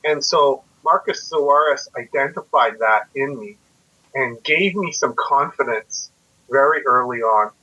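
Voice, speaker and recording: Guest part for a reflective, self-deprecating Canadian man in his forties, bright tone, muffled lo-fi sound. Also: mid-range voice, unhurried. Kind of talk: casual storytelling interview. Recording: muffled lo-fi audio.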